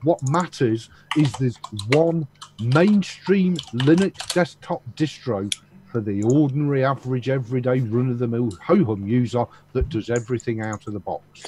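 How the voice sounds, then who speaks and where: A man talking emphatically in a casual online group chat, making his point with animated examples. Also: mid-range voice, moderate pace, noisy background. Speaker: video chat caller.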